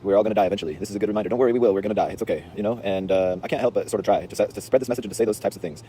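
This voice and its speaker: Rapid-fire rambling man on the street. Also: lowish voice, mellow, a little hiss or hum. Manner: rambling, slangy, intense. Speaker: storyteller. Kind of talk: casual storytelling monologue.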